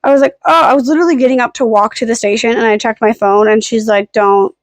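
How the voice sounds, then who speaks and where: A woman's voice: a little high, fairly even intonation, quick pace, no echo. Rambling young-sounding woman vlogging. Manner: rambling, self-deprecating, with frequent "like" and "um" fillers. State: hiccuping and burping. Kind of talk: rambling casual vlog. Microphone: camera held at arm's length.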